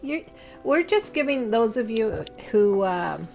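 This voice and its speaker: A woman chatting casually before a game stream, teasing and halting with fillers. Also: on the high side, sing-song, gravelly, darkish tone, faint music behind. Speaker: co-host and player.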